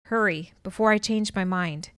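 A woman's voice: medium pitch, moderate pace, a bit bright, clean tone, no room sound, close to an everyday voice. A woman voicing a scornful male doctor of science, curt and sneering, with a dry, close sound.

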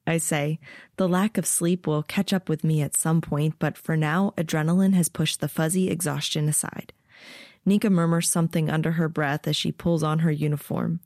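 A woman narrating an audiobook and hosting its podcast, reading with steady, expressive storytelling. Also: sits low, moderate pace, dry recording, studio quality.

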